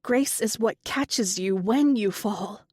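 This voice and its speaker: A woman's voice: mid-range voice, slow pace, darkish tone, breathy edge, dry recording, studio quality. A woman voicing a caring young woman who speaks urgently and emotionally in an audiobook. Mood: soft.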